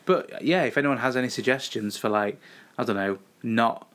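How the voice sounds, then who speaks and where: A man's voice: medium pitch, normal speed, a bit bright. A man, co-hosting a casual chat and telling anecdotes in a laid-back, dryly funny way. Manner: laid-back, dry humour, tells anecdotes. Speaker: podcast co-host.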